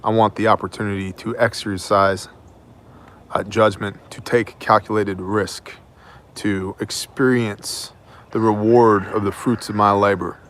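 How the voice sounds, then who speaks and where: A man's voice: lowish voice, level tone, fairly bright tone, slight background noise. Emphatic man giving opinionated news. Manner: emphatic, mocking, deliberate. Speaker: host of an independent news show.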